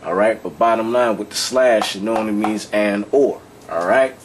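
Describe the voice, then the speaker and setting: A man's voice: fairly low pitch, moderate pace, a little hiss or hum. A man teaching an informal lesson, talking loosely and repeating himself while often checking that the listener follows. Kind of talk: casual explanatory lesson.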